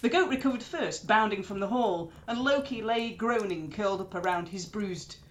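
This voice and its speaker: A woman storyteller narrating a myth in an expressive, lilting way. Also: medium pitch, moderate pace, slight background noise.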